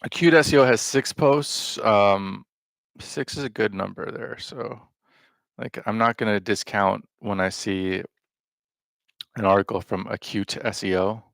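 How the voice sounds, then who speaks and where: Man, gravelly voice, dry close sound, deadpan, rambling livestream chat. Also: fairly low pitch, a little slow, no echo. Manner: deadpan, offhand, self-mocking. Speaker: livestream host. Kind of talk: casual rambling livestream commentary.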